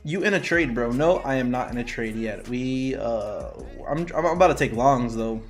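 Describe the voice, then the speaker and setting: A man's voice: mid-range voice, animated, moderate pace, soft background music. Profane young man hosting a trading livestream. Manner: loose, profane, bursts of laughter. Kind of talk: casual livestream chat with viewers.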